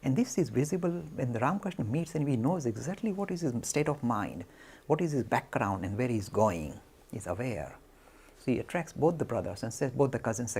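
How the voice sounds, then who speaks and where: A man giving a spiritual talk, telling a story in an animated way and acting out the quotes. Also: mid-range voice, a little fast, gravelly, a little hiss or hum. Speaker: lecturer.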